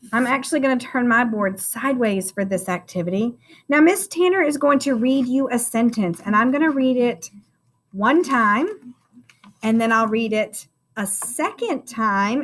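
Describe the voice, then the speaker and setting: High-voiced woman teaching a phonics lesson. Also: fairly bright tone. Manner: slow, encouraging, addresses viewer as friend. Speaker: first-grade teacher. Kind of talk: recorded phonics lesson for children.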